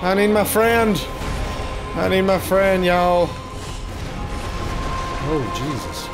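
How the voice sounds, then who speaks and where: Male gaming host, unhurried but jumpy, cursing commentary over music. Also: high-pitched. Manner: excitable, swears often, yells at the game. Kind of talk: live gameplay commentary. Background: game music.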